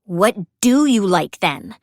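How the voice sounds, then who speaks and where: Bubbly, teasing young roommate full of chaotic energy, read by a woman narrator, slow and dry. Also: mid-range voice, very animated, dry recording. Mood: indignant. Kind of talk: audiobook character voice.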